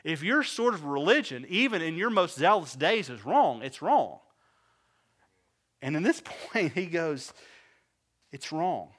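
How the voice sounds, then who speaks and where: High, bright, emphatic male preacher. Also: very animated, normal speed, few pauses. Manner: dynamic preaching, swinging from loud emphatic bursts to low quiet asides; acts out biblical characters in conversational voices. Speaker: pastor. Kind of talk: sermon.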